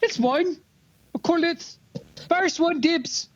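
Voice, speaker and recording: A man's voice: very high voice, takes it slowly, dull audio. A man playing his character in a tabletop game, brash and swearing a lot. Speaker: player. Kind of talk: in-character tabletop role-play.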